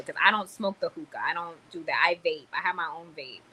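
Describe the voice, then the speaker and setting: A woman's voice: on the low side, fast, hardly any pauses, bright, forceful tone, a little hiss or hum, poor audio. A woman venting on a livestream, annoyed and swearing as she tells a story. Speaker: livestream host. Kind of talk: ranting livestream chat.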